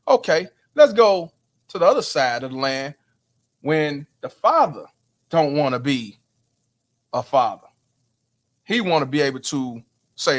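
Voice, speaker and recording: Man, host, higher-pitched voice, emphatic, preachy, rhetorical questions to viewers. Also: sing-song, normal speed. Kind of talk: casual commentary to viewers.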